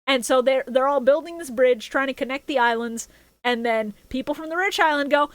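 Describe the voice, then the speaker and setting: A woman's voice: sits high, normal speed, dry recording. A woman co-hosting a casual podcast, recapping an anime episode with lots of laughter, swearing and acted-out lines. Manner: excitable, laughing, swearing, acts out characters in retelling. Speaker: podcast co-host.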